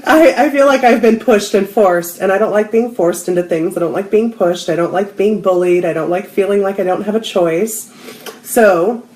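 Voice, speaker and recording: A woman, a spiritual healer, telling a personal story in a casual group talk and acting out the quotes with lively shifts in voice. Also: medium pitch, echoey room, rough recording.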